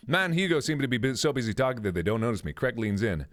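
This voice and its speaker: A man's voice: medium pitch, big pitch swings, quick pace, hardly any pauses. A man in his thirties hosting a gaming video, reading a dating game's text aloud with jokey, self-questioning asides. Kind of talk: let's play commentary, reading game dialogue aloud.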